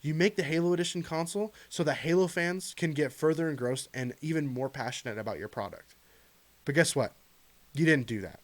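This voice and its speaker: Man, mid pitch, frustrated earnest rant, gaming commentary. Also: a bit bright. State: choked up near the end. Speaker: gaming YouTuber. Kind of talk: ranting commentary to camera.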